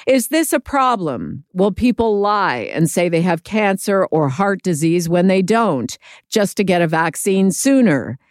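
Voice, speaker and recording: A woman presents a radio show, reading scripted links in a measured, clear way. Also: on the low side, big pitch swings, no room sound, clean studio sound. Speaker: radio host.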